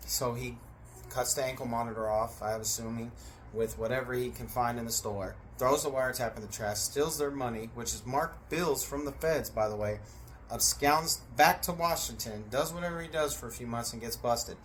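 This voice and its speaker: A man telling a story in a casual, animated way, acting out voices and sound effects and swearing freely. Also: medium pitch, normal speed, slight background noise.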